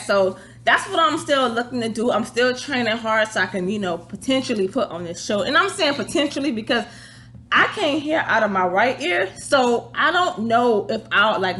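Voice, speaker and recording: A chatty young woman hosts her own casual vlog. She tells her stories in an animated way, with high, squealing quoted reactions. Her voice sits a little high and sounds bright and forceful, picked up on a basic phone or webcam mic. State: out of breath. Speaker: vlog host. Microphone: phone or webcam, before her new microphone works.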